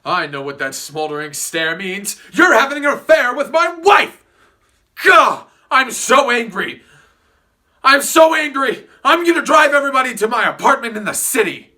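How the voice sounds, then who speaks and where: A man voicing an arrogant, hot-tempered rich young husband in a student comedy play, loud and blustering. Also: sits high, sing-song, normal speed, recorded from a distance, exaggerated voice. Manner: loud, blustering, shouting outbursts.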